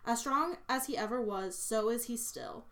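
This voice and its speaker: A woman's voice: a little high, moderate pace, a bit bright. A woman voicing a devout young mother who prays and grieves over her child, speaking in a tender, prayerful way.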